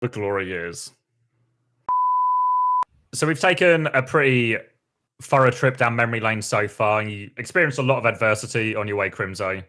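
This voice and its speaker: A man's voice: lowish voice, normal speed, long pauses, bright, forceful tone. A man hosting a casual podcast and acting out quotes in his stories. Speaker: podcast host. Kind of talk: casual chat.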